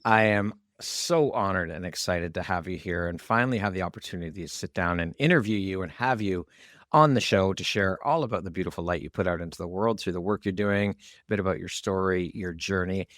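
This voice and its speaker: A man's voice: deep voice, fairly bright tone, no echo, studio quality. A man hosting a podcast interview, earnest and effusive as he introduces and questions his guest. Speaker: podcast host.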